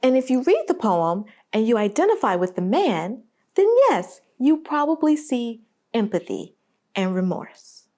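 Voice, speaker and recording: A woman's voice: fairly high pitch, big pitch swings, unhurried, warm tone. Emphatic, sarcastic woman essayist. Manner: emphatic and sarcastic, with rhetorical questions. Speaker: video essayist. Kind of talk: animated video essay commentary.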